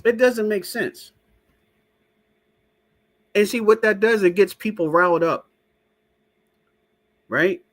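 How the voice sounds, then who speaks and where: A man's voice: sits high, slow pace, pauses often. A man hosting a casual stream, talking to his chat in a profane, skeptical way. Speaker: show host. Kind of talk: casual live-stream talk.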